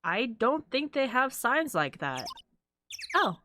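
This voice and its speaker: A woman's voice: a little high, sing-song, slow pace, background noise. A woman streamer giving playful, giggly commentary while playing a game.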